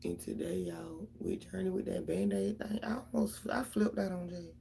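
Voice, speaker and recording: A woman's voice: on the low side, fairly even intonation, normal speed, gravelly, dark tone, slight background noise. A middle-aged mother, venting casually and profanely straight to her viewers about her kids.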